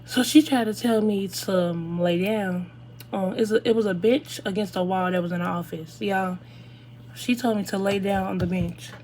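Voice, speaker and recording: An eighteen-year-old woman speaks, chatting animatedly through a storytime for her viewers. Her voice sits at a middle pitch, with a faint hum in the background. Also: fairly even intonation, moderate pace, a little mellow. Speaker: vlogger. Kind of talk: casual storytime.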